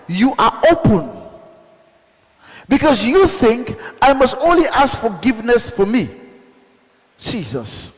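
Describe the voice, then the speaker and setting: A man preaching a fiery sermon as a bishop, calling out questions to the congregation and bursting into shouts. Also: very high-pitched, sing-song, takes it slowly, pauses often. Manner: call-and-response, shouting bursts, rhetorical questions. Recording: long hall reverb.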